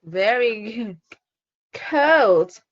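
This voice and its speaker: A woman's voice: a little high, lively intonation, extremely slow, muffled recording. A woman teaching an online phonics lesson to a child, cheerful and encouraging, laughing often.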